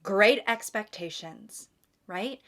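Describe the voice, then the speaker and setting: A woman's voice: mid-range voice, lively intonation, slow, a bit bright. Young female commentator, mid-range voice, dry sarcastic wit with playful dramatic asides. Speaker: commentary YouTuber. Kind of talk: comedic commentary.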